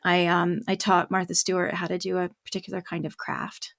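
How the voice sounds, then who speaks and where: A woman's voice: on the low side, completely flat delivery, a little fast, creaky, fairly bright tone, no room sound, clean studio sound. A middle-aged woman podcast host and parent coach, telling stories in a casual, chatty way and laughing often. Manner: chatty storyteller, laughs often, many fillers.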